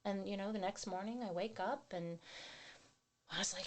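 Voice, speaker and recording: A woman's voice: medium pitch, normal speed. A middle-aged woman giving a personal testimony as a podcast guest, a vivid storyteller who acts out her own past words.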